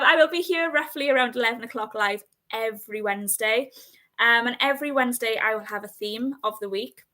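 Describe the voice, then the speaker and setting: A woman with a slightly high voice chats casually on a live stream as a tarot reader. She talks emphatically and often laughs between her points. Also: fairly quick, sharp tone.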